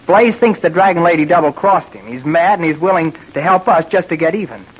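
An actor playing a plucky, eager teenage boy adventurer in an earnest, excitable 1940s radio drama style. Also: on the high side, a little fast, breathy edge. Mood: determined. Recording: dull old radio recording with faint hiss.

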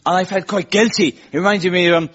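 A man's voice: sits high, fairly even intonation, brisk, fairly bright tone, slightly rough. A man doing a stand-up comedy monologue as host, telling self-mocking stories in a wry way. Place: live venue with audience. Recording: lo-fi live recording with audience laughter. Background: audience laughter.

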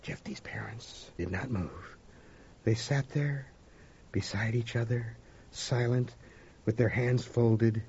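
A man's voice: fairly low pitch, a little mellow, breathy edge, dull audio. A man giving an emotive, dramatic first-person reading of a story. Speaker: audiobook narrator.

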